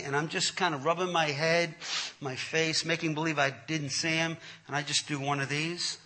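A man's voice: fairly high pitch, normal speed. A man, an entertainer, telling his testimony as a comic story, laughing as he goes. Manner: animated, laughing through the story.

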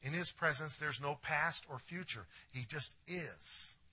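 A man preaching a sermon as pastor, swinging from hushed lines to emphatic ones and putting questions straight to his congregation. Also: on the high side, measured pace, husky. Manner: addresses the congregation directly with questions.

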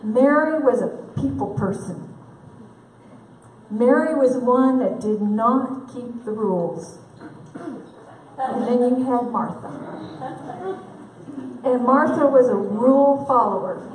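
A woman's voice: fairly high pitch, slow, long pauses, darkish tone. A woman conference speaker giving a humorous faith talk, candid and self-deprecating, laughing often, heard from a distant mic in a large event hall.

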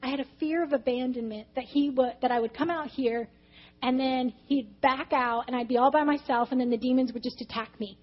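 A woman's voice: high voice, fairly even intonation, fairly quick, muffled recording. A woman preaching a testimony-style sermon, telling her story with animation and acting out her own past reactions.

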